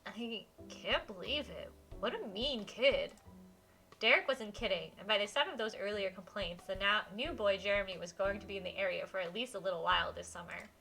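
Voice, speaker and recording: Brief: woman game streamer, bright tone, fairly high voice, giggly read-aloud, faint music behind. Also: brisk, creaky. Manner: giggly, animated, reads text aloud and reacts. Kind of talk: live-streamed visual novel playthrough, reading aloud.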